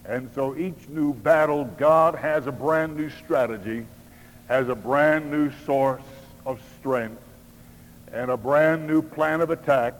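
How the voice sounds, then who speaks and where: A man's voice: fairly high pitch, slight background noise. Man preaching in a reverberant church. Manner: slow, measured preaching with emphatic pauses. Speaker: pastor. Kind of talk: sermon. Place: church auditorium. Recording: long hall reverb.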